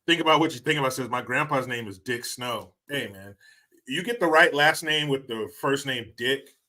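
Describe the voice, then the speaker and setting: Here the livestream host, a middle-aged man, talks at normal speed in a bright, forward, mid-range voice. His chat with viewers is loose and jokey, with frequent laughter and plenty of cursing.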